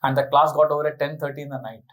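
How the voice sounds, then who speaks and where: A middle-aged man, a monk telling an animated, laughing anecdote as a spiritual talk. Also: fairly high pitch, racing, rough recording. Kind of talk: storytelling sermon.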